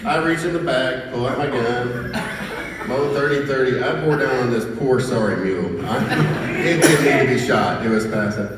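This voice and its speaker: A man from northeastern Oklahoma telling a funny story to an audience, animated and laughing through it. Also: medium pitch, normal speed. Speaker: bank president telling a story. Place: large echoey hall. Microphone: far from the mic. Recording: echoey hall from far off, noisy.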